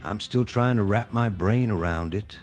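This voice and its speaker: A man's voice: on the low side, moderate pace, a little mellow. A man doing wrestling color commentary as a co-commentator, cheesy and upbeat, full of folksy stock phrases. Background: music.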